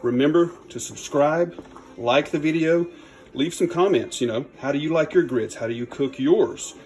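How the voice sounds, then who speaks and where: A man's voice: a little high, moderate pace, a little mellow. A man, chatting in a folksy, upbeat way while demonstrating a recipe in his home kitchen. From Louisiana. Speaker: cooking channel host. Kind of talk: casual cooking demo.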